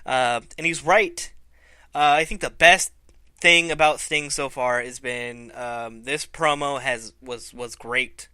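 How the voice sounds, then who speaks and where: A man's voice: medium pitch, fairly even intonation, slow, sharp tone, clean tone, no echo. A man hosting a casual review vlog, loose and laughing, swearing freely. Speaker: vlog host.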